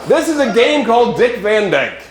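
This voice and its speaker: A man hosting a live improv show, lively and joking with the audience. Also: very high-pitched, moderate pace. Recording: echoey room.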